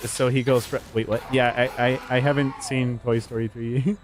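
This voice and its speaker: A man's voice: medium pitch, level tone, moderate pace, slight background noise. A man streaming a horror game, chatting casually with viewers, swearing and laughing often and jumping into silly voices. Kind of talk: casual gaming stream chat.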